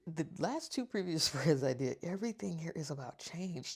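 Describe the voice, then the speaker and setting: Low-voiced woman giving a tarot reading. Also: animated, moderate pace, creaky, few pauses, darkish tone, husky. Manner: earnest, emotional, repeats reassurances; reads card descriptions aloud. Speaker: tarot reader. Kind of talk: tarot reading addressed to viewers.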